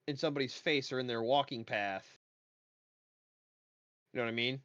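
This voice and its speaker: A man's voice: mid-range voice, moderate pace, long pauses, fairly bright tone, no room sound. A man playing a tabletop game, chatting in a rambling, offhand way. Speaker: player. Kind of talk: casual tabletop game chat. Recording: dull lo-fi dry mic.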